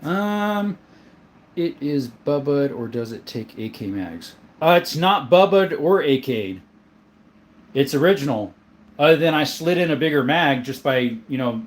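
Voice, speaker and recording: A man hosting a casual livestream, reading viewer comments aloud and answering them in a friendly way, often calling people "my friend.". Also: mid-range voice. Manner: friendly, answers viewer questions about his gun collection; often says "my friend" and "mate". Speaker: livestream host reading chat.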